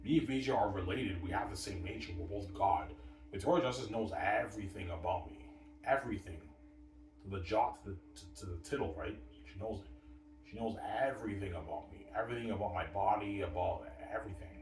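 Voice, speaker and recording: A man's voice: lowish voice, fairly quick, background noise. A man talking in a repetitive, profane, rambling monologue. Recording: echoey room, mic far off.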